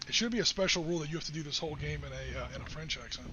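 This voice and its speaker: High-voiced man hosting a wargame stream. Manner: chatty, joking, quick rule explanations. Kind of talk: casual chat while explaining game rules. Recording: slightly dull stream audio with faint hiss.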